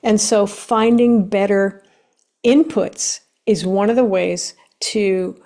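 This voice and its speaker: A woman's voice: medium pitch, steady tone, takes it slowly, mellow. A woman hosting a solo podcast lesson about emotions, speaking emphatically, stacking lists of words, and laughing lightly between points.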